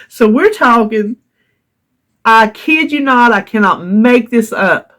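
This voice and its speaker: A woman's voice: on the high side, lively intonation, measured pace, fairly bright tone. A woman from North Carolina with a Southern US accent, casually telling a long story in her vlog, laughing often as she recounts her frustration. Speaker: vlogger.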